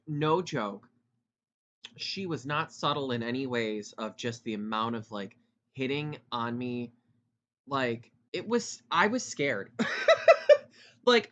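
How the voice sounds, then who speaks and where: A man in his twenties hosting a casual solo podcast, talking fast and loud with rambling asides. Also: fairly high pitch. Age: 20s. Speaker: podcast host.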